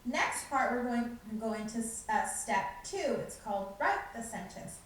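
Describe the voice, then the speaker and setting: A woman talks teachers through a preschool lesson routine, now and then switching into a bright voice as if addressing children. Her slightly high voice comes from some distance away. The school library around her rings with heavy echo, with faint noise underneath. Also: animated, normal speed. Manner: modeling lines in a bright teacher voice. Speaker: curriculum presenter. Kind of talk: teacher training presentation. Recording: echoey room, distant mic, faint noise.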